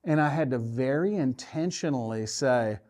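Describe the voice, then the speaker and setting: Male archery coach, mid-range voice, animated storyteller who acts out his inner voice. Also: mid-range voice, normal speed. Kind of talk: tournament story and coaching talk.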